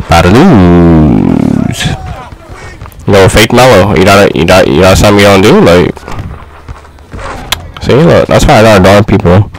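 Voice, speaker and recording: A young man giving casual gameplay commentary, frustrated and slangy, yelling at his teammates. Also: sits low, rough recording. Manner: frustrated, exclaiming, slangy trash talk. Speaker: gaming YouTuber.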